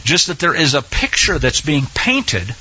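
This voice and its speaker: A man's voice: fairly high pitch, very animated, measured pace, pushed and bright, husky. A man giving an informal Bible teaching, reading passages aloud and musing over them with questions to himself. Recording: dull lo-fi sound.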